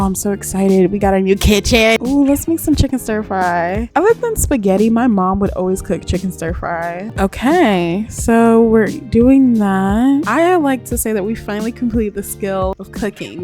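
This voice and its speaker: A young adult woman giving casual, animated gameplay commentary, full of slang and quick reactions. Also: mid-range voice. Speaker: gaming creator. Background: faint music.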